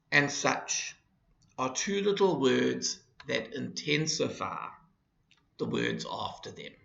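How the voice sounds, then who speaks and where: A man teaching a grammar lesson, explaining slowly and deliberately and repeating his examples. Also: mid-range voice, creaky, fairly bright tone. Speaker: English teacher. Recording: dull, roomy lesson recording.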